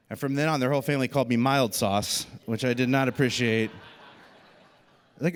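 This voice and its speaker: A man's voice: mid-range voice, brisk, clean tone. A man preaching a sermon, telling a personal story and acting out the voices of the people in it. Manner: animated storyteller, acts out quoted voices. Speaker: pastor. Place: church auditorium. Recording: long hall reverb.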